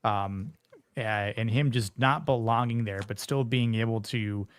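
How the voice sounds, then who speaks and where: A man's voice: fairly low pitch, unhurried, smooth. A man hosting a casual film discussion, rambling along with lots of fillers and restarts.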